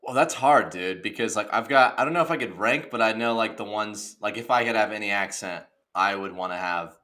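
A man's voice: lowish voice, fairly quick. A young man from the Midwest, chatting casually and jokingly on a podcast. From American Midwest. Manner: excitable, jokey, says dude a lot.

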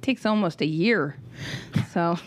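A woman's voice: on the low side, slow, a little hiss or hum. A woman, a parent, chatting wryly and asking the others questions. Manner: wry, asks questions. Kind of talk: casual chat.

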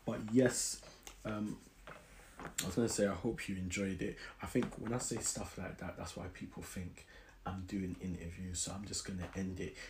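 A man's voice: deep voice, fairly even intonation, normal speed. A man hosting his podcast in a casual motivational monologue, earnest and often repeating himself. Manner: earnest, repeats words and restarts. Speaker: podcast host. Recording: roomy echo with clear background noise.

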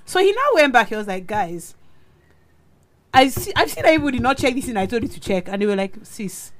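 A woman co-hosting a casual podcast chat, telling stories in an animated way, acting out quotes and swearing freely. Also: fairly high pitch, rapid-fire. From Nigeria. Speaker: podcast co-host.

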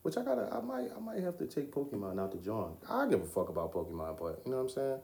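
A man's voice: on the low side, sing-song, fast talker, warm tone. A young man hosting his own podcast, talking loosely and profanely about films, laughing often. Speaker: podcast host. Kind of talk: casual solo podcast talk. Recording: roomy echo.

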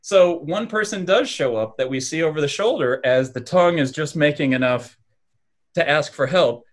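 A man on a podcast pitching a film scene, acting it out with shouted lines and sound effects. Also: expressive, normal speed. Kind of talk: animated story pitch.

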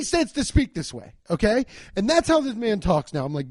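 A man's voice: high-pitched, very animated, normal speed, darkish tone, no echo. A man from Cincinnati hosting a comedy podcast, talking loosely and profanely and restarting his sentences often. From Cincinnati, USA. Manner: rambling, profane, repeats words as he restarts. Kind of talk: casual podcast rant.

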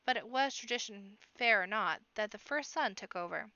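A woman reading a children's fantasy book aloud in an expressive amateur audiobook narration, now and then correcting herself. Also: medium pitch, normal speed, dry recording, lo-fi sound. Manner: expressive reading with character voices and occasional self-corrections. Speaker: audiobook reader.

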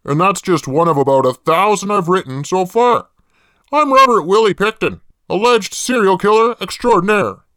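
A man playing a creepy jailed male killer in a comedy parody ad, rambling deadpan and swearing a lot. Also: high-pitched, moderate pace, no echo.

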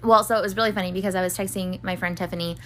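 A young woman hosts a podcast, rambling through a personal story with plenty of fillers, free swearing, and impressions of other people's voices. Her voice sits on the low side with a steady, fairly bright tone, and she talks very fast; there's a slight hiss or hum.

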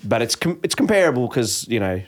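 A man's voice: mid-range voice, very animated, brisk. A man in casual film talk with a friend, swearing freely and acting out lines from the movie.

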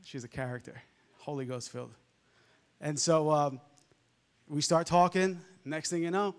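A male preacher with a softened New York accent, delivering a fervent sermon full of amens and hallelujahs. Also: fairly high pitch, measured pace, long pauses, clean tone. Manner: fervent, peppered with amens and laughs.

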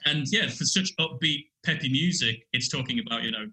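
A man on a podcast, a musician, talking through a song in a loose, animated way with lots of restarts. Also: mid-range voice, fairly quick, poor audio. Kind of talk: casual music discussion.

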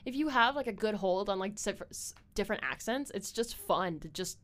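Young woman, podcast host, casual chat, rambling, lots of "like", swears, mid-pitched. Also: expressive, a little fast, fairly bright tone. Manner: rambling, filler-heavy with many "like"s, swears freely.

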